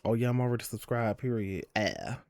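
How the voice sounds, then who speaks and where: A man's voice: fairly low pitch, sing-song, a little fast, vocal fry, darkish tone, no room sound. Young guy streaming, sassy and gossipy, talks to chat like friends, dry sound. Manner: sassy, chatty, swearing, calls chat "girl" and "y'all". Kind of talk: casual live-stream chat.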